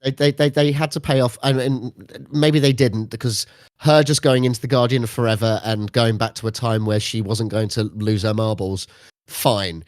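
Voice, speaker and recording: A man's voice: mid-range voice, fairly even intonation, moderate pace, dry recording, studio quality. A man co-hosting a podcast in casual chat, stumbling and restarting his words. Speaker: podcast co-host. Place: podcast studio.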